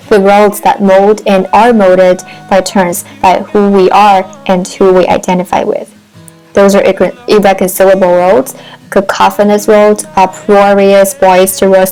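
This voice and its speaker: A woman's voice: mid-range voice, darkish tone, low-quality recording. Thoughtful woman reviewing books. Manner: thoughtful, wordy, with fillers and restarts. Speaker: book reviewer. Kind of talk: book review vlog.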